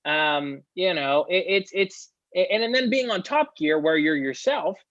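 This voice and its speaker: A man's voice: sits high, animated, unhurried, fairly bright tone, no room sound, lo-fi sound. A man hosting a podcast who asks long, rambling questions full of fillers. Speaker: podcast host. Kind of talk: interviewer asking questions.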